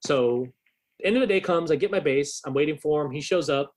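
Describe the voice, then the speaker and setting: A man guest on a podcast, a bass player, telling a story in a loose, profane, animated way with lots of fillers. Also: a little fast. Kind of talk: casual storytelling chat.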